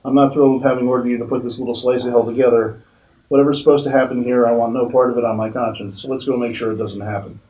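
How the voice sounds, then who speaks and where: A man voicing a determined male army captain who speaks gruffly and bluntly. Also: medium pitch, fairly even intonation, fast talker, warm tone, reverberant, distant mic, lightly acted, poor audio.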